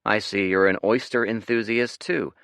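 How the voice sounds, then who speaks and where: A man's voice: fairly low pitch, fairly even intonation, moderate pace, vocal fry, fairly bright tone, smooth, dry recording, clean studio sound. A man voicing a confident young traveler who talks with breezy, lazy charm. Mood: breezy, teasing.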